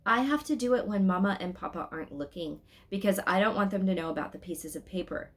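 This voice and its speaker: A woman voicing an earnest, shy young boy in a storybook, pitched higher and louder. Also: fast, natural voice.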